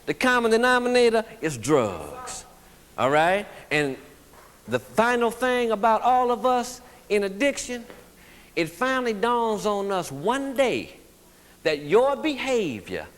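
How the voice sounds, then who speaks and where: High-voiced man giving a slow recovery talk. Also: sing-song, fairly bright tone. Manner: blunt, emphatic, checks in with the audience. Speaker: recovery speaker. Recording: long reverb of a hall.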